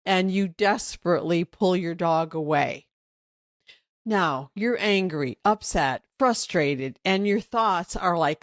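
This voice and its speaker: Slow-talking chatty woman podcast host. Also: medium pitch, no room sound, studio quality. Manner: chatty, acts out anxious inner thoughts. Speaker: podcast host and dog trainer. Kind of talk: solo podcast teaching.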